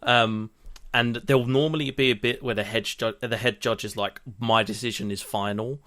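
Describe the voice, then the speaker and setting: A man co-hosting a podcast chats casually and animatedly, swearing now and then. His voice sits at a medium pitch with a steady, fairly bright tone, and he talks at a moderate pace.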